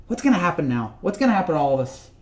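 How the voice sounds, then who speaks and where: A man's voice: on the high side, very animated, rapid-fire. A man vlogging about sports in a casual rant, rambling and joking and often repeating himself.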